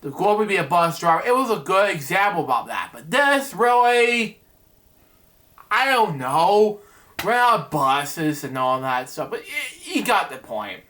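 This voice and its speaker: Rambling high-voiced man reading a storybook. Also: sing-song, a little slow, pushed and bright. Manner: rambling asides, repeated "anyway". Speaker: host reading a children's book. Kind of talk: casual storybook reading with commentary.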